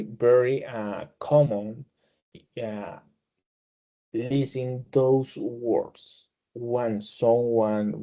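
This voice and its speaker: Slow-talking male teacher, Spanish native. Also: medium pitch, mellow, dull audio. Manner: halting, frequent restarts and fillers, playful laughter when acting out greetings. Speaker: English teacher. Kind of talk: casual online class explanation.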